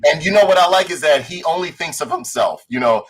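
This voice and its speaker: Animated male podcast host retelling a show. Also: on the high side, a little fast, slightly rough, soft background music, rough recording. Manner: animated storyteller, acts out characters' lines, swears freely. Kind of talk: casual chat reviewing a show.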